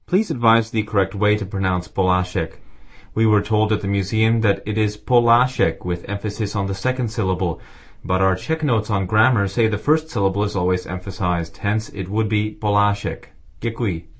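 A man reading listeners' letters aloud on a radio show in a careful, even way. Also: on the low side, brisk.

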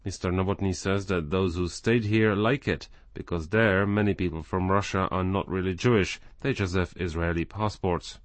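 A man narrating a scripted radio news feature as the reporter, reading in an even, measured way. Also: deep voice, dry recording.

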